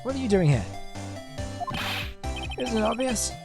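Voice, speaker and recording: A woman's voice: a little high, animated, measured pace, creaky, music in the background, pitched above the performer's own voice. A woman doing a goofy young slacker guy. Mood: cocky. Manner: cocky, laid-back. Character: goofy young man, slacker street vendor.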